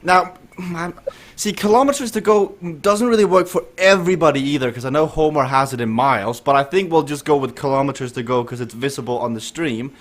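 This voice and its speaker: Hosting a casual live stream of a virtual cycling group ride, a man with a fairly high voice talks at a quick pace. He jokes and laughs often and keeps asking the riders questions.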